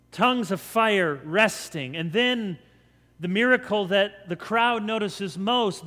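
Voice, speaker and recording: A man preaching a sermon as a pastor, telling the story with lively energy and quick voiced asides for the crowd. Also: sits high, long reverb tail. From United States.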